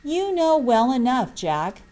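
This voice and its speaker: A woman reading an audiobook, voicing a serious, brooding young male miner who speaks low and firmly. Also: big pitch swings, takes it slowly, warm tone, heavily acted. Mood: grave. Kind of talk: audiobook character voice.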